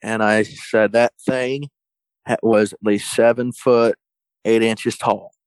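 A man telling a story in a folksy, colloquial way, getting animated when he quotes other people. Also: lowish voice, takes it slowly, clean tone, no room sound, low-quality recording. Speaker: guest storyteller. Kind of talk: casual storytelling.

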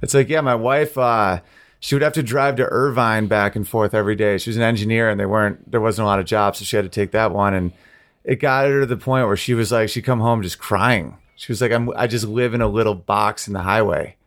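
A man's voice: lowish voice, a little fast, fairly bright tone. A man hosting a casual podcast chat, mostly agreeing with his guest and sharing a short story of his own. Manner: agreeable, chimes in with short replies.

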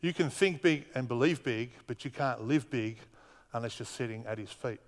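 A man's voice: mid-range voice, moderate pace. Earnest man preaching in a reverberant hall. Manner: earnest, repetitive emphasis. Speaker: pastor. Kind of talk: sermon.

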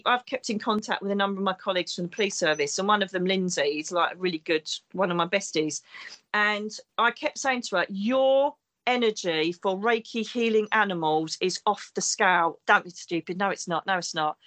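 A woman's voice: mid-range voice, a little fast, fairly bright tone. A woman, a psychic medium talking emphatically in an interview and acting out the people she quotes. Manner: emphatic, acts out quoted voices. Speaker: psychic medium and former detective. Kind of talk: interview conversation.

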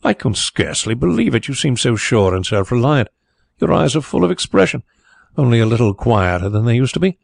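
A man's voice: mid-range voice, big pitch swings, a little fast, vocal fry, no echo, clean studio sound, pitched above the performer's own voice. A man reading a blunt ex-lawyer inquiry agent. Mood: sympathetic. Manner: blunt, sometimes hot-tempered. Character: brisk, outspoken former lawyer turned inquiry agent. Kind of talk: audiobook character reading.

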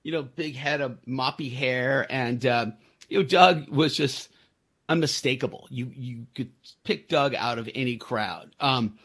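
A man's voice: mid-range voice, measured pace, a bit bright, slightly rough. A man in his sixties hosting a podcast, telling a story in a rambling, self-deprecating way, with many fillers and restarts. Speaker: podcast host. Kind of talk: casual storytelling.

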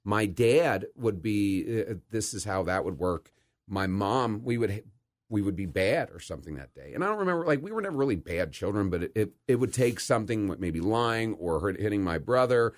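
A middle-aged man hosting a casual interview, telling stories with animated quoted voices. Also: lowish voice, normal speed. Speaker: podcast host.

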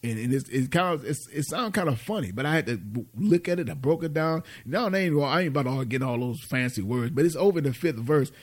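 Husky man preaching with call-and-response. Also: mid-range voice, lively intonation, fast, few pauses. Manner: call-and-response questions, conversational. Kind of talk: informal sermon.

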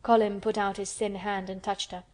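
A woman narrating a classic children's novel as an audiobook, in a gentle, even storytelling manner. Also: mid-range voice, normal speed.

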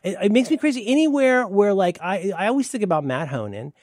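A middle-aged man rambles through a sardonic, profane story with a lively, swooping delivery. The sound is dry and close, with no room around his voice. He slips into high put-on voices when he quotes people. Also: fast, dry recording. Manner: puts on high voices when quoting staff. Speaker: podcast co-host. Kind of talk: casual chat.

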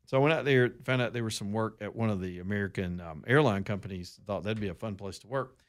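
A middle-aged Southern man with a lowish voice tells a story on his radio talk show. He rambles along in a folksy way and talks to his listeners as y'all. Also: fast. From Alabama, US.

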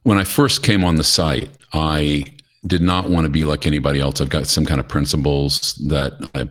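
A man's voice: rumbling low, fairly even intonation, moderate pace. A middle-aged American man from the United States, talking candidly and chattily as a podcast guest, telling stories and acting out quoted dialogue. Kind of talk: casual interview storytelling.

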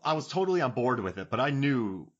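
A man from Florida co-hosting a podcast, talking through a film in a rambling, self-correcting, animated way. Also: mid-range voice, fast talker, lo-fi sound. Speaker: podcast co-host. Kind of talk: casual film discussion.

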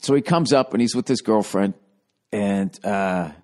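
A man's voice: fairly low pitch, unhurried, darkish tone. Middle-aged male comic, casual monologue, swears freely, wry rambling asides. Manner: profane, rambling, wry storytelling. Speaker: comedian hosting a podcast.

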